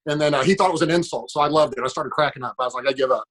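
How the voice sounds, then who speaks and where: Husky fast-talking man telling stories. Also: fairly high pitch, fairly bright tone, rough recording. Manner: fast storyteller, acts out quotes. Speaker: podcast guest. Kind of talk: anecdotal storytelling.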